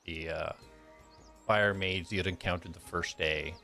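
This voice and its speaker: A man's voice: low voice, steady tone, a little slow, bright, forceful tone, faint music behind. A man narrating a tabletop game as game master in a loose, filler-filled way.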